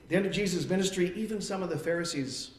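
A pastor with a voice that sits high talks fast in an echoey room. He preaches his sermon earnestly, acting out the voices of the people he quotes.

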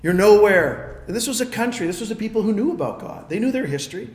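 A man's voice: high-pitched, expressive, racing, darkish tone, echoey room, long reverb tail. A man preaching a sermon, telling a story and acting out the characters' lines.

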